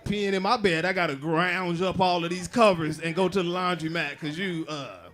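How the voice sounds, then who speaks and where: A man's voice: high voice, steady tone, moderate pace, a bit bright. A man hosting a comedy show, teasing the acts and crowd with loose, laughing banter. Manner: playful, teasing, laughs between jokes. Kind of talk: emcee banter.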